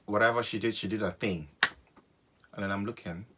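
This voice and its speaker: A young man, telling a personal story in an animated way for his vlog and repeating phrases for comic effect. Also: fairly low pitch, fairly quick, background noise. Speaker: vlogger.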